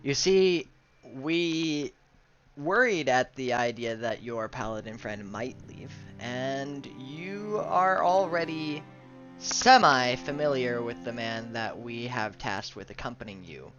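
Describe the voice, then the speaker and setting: A man voicing a male royal official who briefs adventurers in a measured, formal way with some hesitation, on muffled lo-fi audio. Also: mid-range voice, a bit bright, faint music behind.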